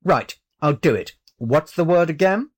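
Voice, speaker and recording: A headstrong young boy from a storybook, as a man puts him on, his voice pitched high and bright with indignation. He talks eagerly, sure of himself, quick to defy. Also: expressive.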